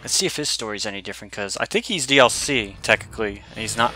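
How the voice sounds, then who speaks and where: A man talks casually over a game playthrough in a chatty, self-correcting way. His voice is very bright and sharp-edged, and a little game music plays faintly underneath. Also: fairly low pitch, lively intonation, fast talker, few pauses. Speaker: gamer.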